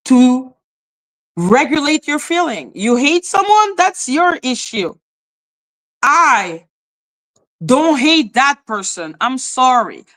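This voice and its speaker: A woman with as her ranting bluntly on a live stream, swearing freely, dropping to flat mutters and jumping to high exclaims. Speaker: livestream host. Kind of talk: casual live-stream rant.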